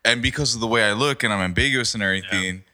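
Low male voice, bright tone, a former social worker in calm casual chat. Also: rapid-fire.

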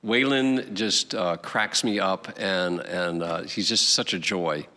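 A male podcast host with a lowish, bright, forward voice asks his questions very slowly. He pauses often with "uh" and speaks encouragingly. A long reverb hangs on his voice. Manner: slow, warmly encouraging, with hesitant "uh"s. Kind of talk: interview questions.

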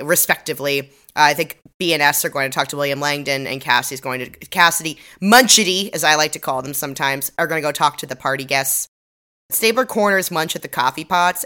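Low-voiced young woman recapping chattily. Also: bright, forceful tone. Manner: chatty, laughs often, self-deprecating. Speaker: podcast co-host. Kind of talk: casual recap chat.

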